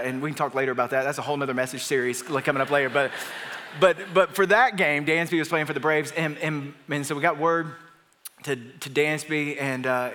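Heard with the long echo of a large church hall, this middle-aged man's fairly high, slightly bright voice delivers a sermon. He is a pastor from around Atlanta, US, telling stories conversationally in a big auditorium before rising to emphatic proclamations.

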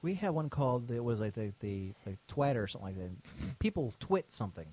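A man's voice: medium pitch, sing-song, a little fast, warm tone, breathy edge. A man co-hosting a podcast in casual chat, explaining things in an easygoing way with plenty of fillers and restarts. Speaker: podcast co-host.

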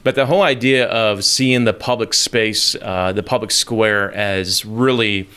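A man's voice: fairly low pitch, fairly even intonation, unhurried, sharp tone, smooth. A man hosting a live question-and-answer session, who stammers and restarts as he moves to viewer questions. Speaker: host.

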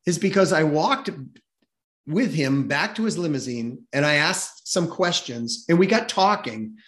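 Animated storyteller, a man with higher pitch. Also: a little slow. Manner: lively, acts out quoted voices, chuckles while telling. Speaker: podcast guest, sales expert.

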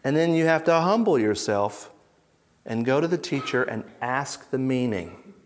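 A man giving a conference teaching talk to a live audience, emphatic, asking rhetorical questions and swinging between loud bursts and hushed asides. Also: medium pitch, expressive, unhurried, slight background noise. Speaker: Bible teacher.

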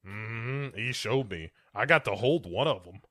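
A man's voice: fairly low pitch, animated, a little slow, fairly bright tone, dry recording, clean studio sound. A man voicing a folksy, doting alien king who coaxes his daughter to marry. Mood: chummy. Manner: chummy, wheedling, fatherly.

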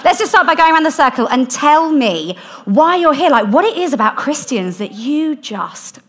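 A woman's voice: high voice, sing-song, normal speed, voice pushed up. A woman putting on a gushing valley-girl church leader. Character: bubbly valley-girl-voiced American woman, a Bible study leader.

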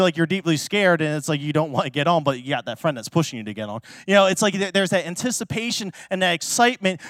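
A man with a notably high voice preaches as a pastor, telling stories in a loose, conversational way. He fills his talk with fillers and restarts. The sound is dry and close, with little room echo. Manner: chatty, with many fillers and restarts. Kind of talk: casual storytelling sermon. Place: church.

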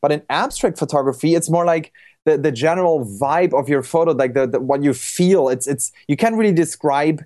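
A man's voice: on the high side, brisk, darkish tone. A young man talking casually on a podcast about photography, loose and rambling, with lots of restarts and fillers.

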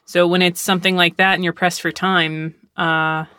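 Bright, lively writer-guest voice, animated storytelling, dry mic. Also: mid-range voice, moderate pace, clear, resonant tone, no room sound. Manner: lively storyteller, acts out quotes, laughs often. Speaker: script supervisor and writer. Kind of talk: casual podcast chat. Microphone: close studio mic.

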